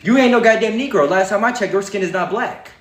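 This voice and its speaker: Speaking quickly in a high voice, a man on a livestream launches into a sermonizing, defiant rant loaded with profanity, recorded in an echoey room.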